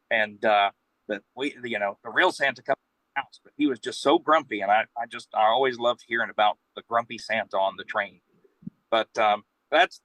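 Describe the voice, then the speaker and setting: In a dry, low-quality recording, a mid-range male voice belongs to a guest storyteller who works as a professional Santa. He tells a casual, rambling anecdote, acting out the quoted lines with animation.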